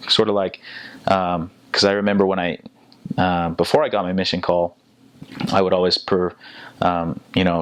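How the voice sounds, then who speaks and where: A young American man, a returned missionary, telling a story casually in a relaxed, halting way, full of fillers and restarts. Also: deep voice, dry recording. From United States.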